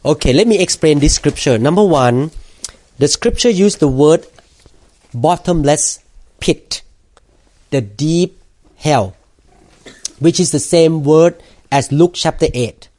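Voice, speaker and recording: A man preaching as a pastor, earnest and halting, often restarting and repeating words. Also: a little high, animated, darkish tone. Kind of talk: sermon.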